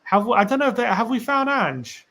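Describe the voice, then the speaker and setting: A man's voice: very high-pitched, sing-song, fairly quick, bright, forceful tone. A man hosting a casual live stream for a fan channel, reading tweets aloud, musing and rambling with rhetorical questions to viewers.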